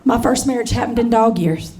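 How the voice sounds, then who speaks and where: A brassy woman comic in her forties works a live room, her voice a bit high and full of chatty asides to the audience. She speaks into a handheld stage mic. Loud laughter from the crowd rolls in around her lines. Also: a little fast. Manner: brassy, chatty, addresses the crowd as honey and y'all. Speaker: stand-up comedian. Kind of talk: stand-up comedy set.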